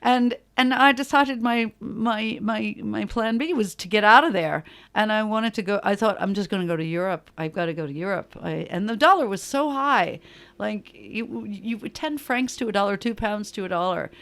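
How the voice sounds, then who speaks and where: A woman's voice: fairly high pitch, normal speed, creaky. An American woman from New York in her sixties, a podcast guest telling stories in casual chat, laughing often and tripping over repeated words. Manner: lively storyteller, laughs often, repeats words when excited.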